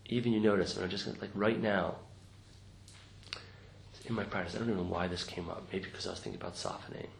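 Gravelly man giving a reflective talk. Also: low-pitched, fairly even intonation, fast. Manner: reflective, conversational, tags many sentences with "right?". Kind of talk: informal dharma talk to a group. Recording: roomy recording with faint noise.

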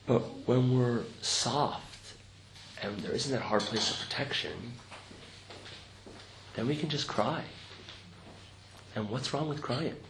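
A man's voice: medium pitch, slow pace, pauses often, fairly bright tone. A man teaching meditation to a group in an informal, reflective talk, often checking in with "right?". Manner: reflective, conversational, tags many sentences with "right?". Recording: roomy recording with faint noise.

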